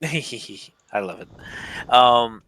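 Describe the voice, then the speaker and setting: A man narrating as game master, relaxed and unhurried, with small slips. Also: medium pitch.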